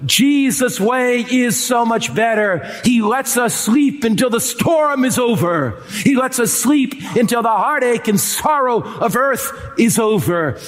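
A man preaching a sermon as pastor, emphatic, with slow drawn-out lines and quick stretches. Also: very high-pitched, animated, long reverb tail. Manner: emphatic preaching, swinging between slow drawn-out and fast delivery.

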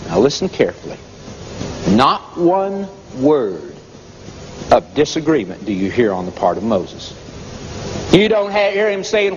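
A man preaching a sermon, telling a story slowly and dramatically, his pitch swinging between high and low. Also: huge pitch swings. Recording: dull reverberant hall recording with noise.

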